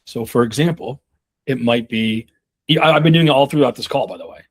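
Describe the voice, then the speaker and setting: A man's voice: mid-range voice, brisk. A man in his thirties coaching on a call, casual and rambling, with many fillers and restarts. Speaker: sales leadership coach.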